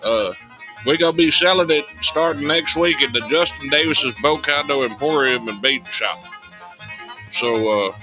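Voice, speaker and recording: A man's voice: lightly acted, poor audio. A man doing a shady backroad tea peddler. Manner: hawking pitch with ungrammatical, rambling sales talk. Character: folksy rural male tea peddler, shady and conspiratorial.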